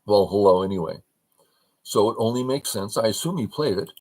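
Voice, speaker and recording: A man's voice: lowish voice, animated, fairly quick, darkish tone, poor audio. An older man teaching a game review on a livestream, talking in short broken phrases and asking and answering his own questions.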